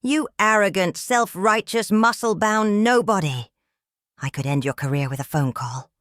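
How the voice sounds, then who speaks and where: A woman's voice: a bass voice, little pitch movement, fast talker, darkish tone, dry recording, clean studio sound. A woman voicing an enraged male TV host who shrieks in cracking outbursts while reading a scripted story. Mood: furious.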